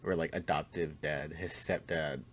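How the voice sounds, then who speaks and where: A young man with a low voice chats about a film with his co-host. His talk is loose and informal, full of "like" and restarts. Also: steady tone, moderate pace, over a noisy crowd. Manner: loose, filler-heavy chat. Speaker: podcast co-host. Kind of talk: casual movie discussion.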